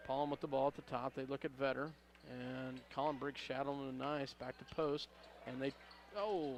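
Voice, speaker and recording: A man announcing a high school basketball game play-by-play, calling passes quickly and rising on big plays. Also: level tone, a little hiss or hum. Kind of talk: local radio basketball commentary.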